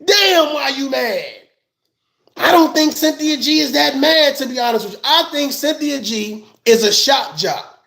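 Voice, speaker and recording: High-voiced man ranting in echoey room. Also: expressive, unhurried, creaky. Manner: loud, emphatic, scolding, laughs while talking. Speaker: commentary vlogger. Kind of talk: heated commentary rant.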